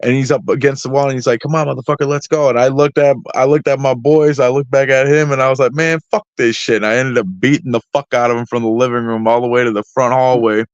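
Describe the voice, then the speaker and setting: A man's voice: mid-range voice, level tone, fast, few pauses, clean tone, no echo. A man tells loose stories in a mid-range voice, swearing constantly and wandering through "like" and "you know". The recording is dry and a little dull, like a lo-fi setup. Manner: heavily profane, rambling with fillers. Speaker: guest artist. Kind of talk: casual storytelling. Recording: dry, slightly dull lo-fi sound.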